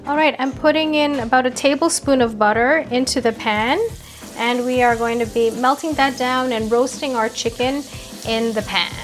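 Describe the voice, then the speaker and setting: A woman's voice: a little high, steady tone, normal speed. Chatty woman hosting a cooking show. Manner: chatty, playful, narrates each step. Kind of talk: casual cooking demonstration. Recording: background music under voice.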